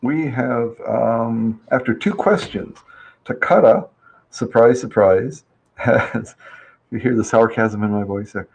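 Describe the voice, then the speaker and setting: A man's voice: mid-range voice, steady tone, slow, vocal fry, slightly rough. A man hosting a casual live-stream survey game, chatty and reading viewers' answers aloud with easy laughs. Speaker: livestream host running a survey game.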